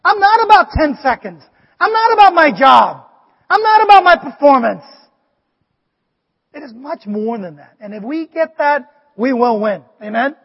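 A male pastor giving an animated sermon, often asking the congregation "Amen?". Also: very high-pitched, normal speed. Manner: animated, preachy, asks the crowd "Amen?". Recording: dull, long hall reverb.

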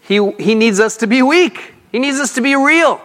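Pastor guy preaching, high bright voice, chatty, asks the room questions, big hall echo. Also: lively intonation, moderate pace. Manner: conversational, asks the congregation questions, restarts often. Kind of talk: sermon. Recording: reverberant hall.

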